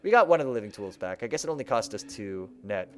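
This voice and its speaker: A man's voice: lowish voice, sing-song, fast talker. A young man giving casual let's-play commentary at a desk mic, thinking aloud and joking at his own choices. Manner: chatty, thinking aloud, self-mocking. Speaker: game streamer. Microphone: desk microphone.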